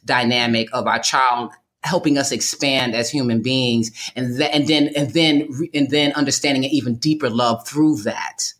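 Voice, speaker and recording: A man hosting a relaxed conversation. He circles his point, restarting sentences and leaning on fillers as he builds toward a question. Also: medium pitch. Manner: halting, many restarts and fillers. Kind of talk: casual conversation.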